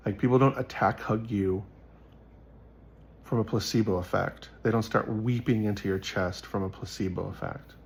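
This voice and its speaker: A man's voice: lowish voice, fairly even intonation, normal speed, creaky, a little hiss or hum. A man speaking to his viewers in a casual, earnest monologue, rambling with many fillers as he talks about his faith. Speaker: faith vlogger.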